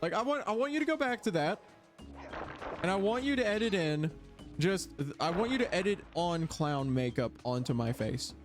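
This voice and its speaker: A man commentating his own gameplay as a streamer, chatty and quick to launch into exaggerated, exasperated rants. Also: high-pitched, expressive, soft background music. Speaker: gaming streamer. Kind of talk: let's play commentary.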